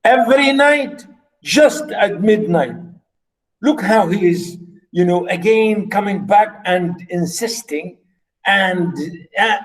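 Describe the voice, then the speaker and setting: A man teaching literature, reading a story aloud and explaining it slowly and emphatically, repeating key words. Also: high-pitched, rough recording.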